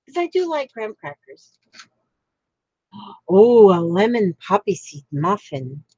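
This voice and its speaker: A woman's voice: medium pitch, very animated, unhurried, mellow, slightly rough, no echo, muffled recording. A woman from Florida who chats casually while crafting on a livestream and reads out viewer comments. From Florida, United States.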